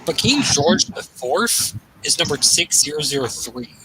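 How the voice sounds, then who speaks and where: Excitable rambling man, fairly high voice. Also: a little slow, a little hiss or hum, low-quality recording. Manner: rambling, excitable, thinking aloud with many fillers. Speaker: gaming channel host. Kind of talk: casual chat while gaming.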